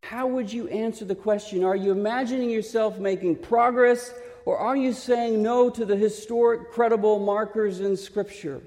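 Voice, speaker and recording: A man preaching a sermon, originally from Texas, asking the listeners questions and slowing down to stress his points. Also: high-pitched, steady tone, darkish tone. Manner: questioning, emphatic, slows for stress. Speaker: pastor. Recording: reverberant hall.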